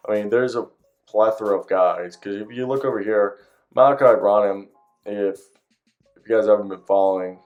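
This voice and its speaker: A man hosts his own sports show in a relaxed, conversational way. He stays low and steady, with little rise and fall. Now and then he slips into reading prepared notes, while soft music plays faintly underneath. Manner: conversational, reads draft notes in stretches, asks viewers for comments. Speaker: basketball show host. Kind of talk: casual solo commentary.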